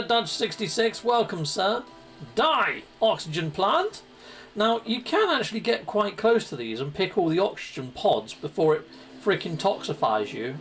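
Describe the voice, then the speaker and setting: Man, gravelly voice, lively bouncy pitch, playful game stream chatter, faint music behind. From United Kingdom. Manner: chatty and playful, with goofy exclamations. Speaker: gaming live streamer. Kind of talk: live game commentary chatting with viewers.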